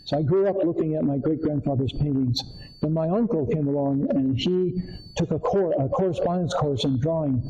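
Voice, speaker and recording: This lo-fi clip features an older man from Connecticut whose warm voice sits on the high side and moves at a moderate pace. He's an artist presenting his pieces at a seminar in a community arts center meeting room, telling rambling stories studded with fillers and restarts.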